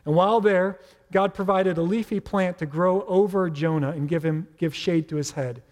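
Man preaching, high voice, hall echo. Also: normal speed, darkish tone. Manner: conversational, playful preaching with asides. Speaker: pastor. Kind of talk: sermon. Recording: reverberant hall.

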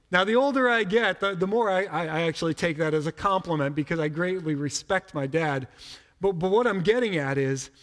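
A middle-aged man preaching a sermon in a relaxed, conversational way, often repeating a word as he starts a sentence. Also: on the high side, in a large hall. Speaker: pastor.

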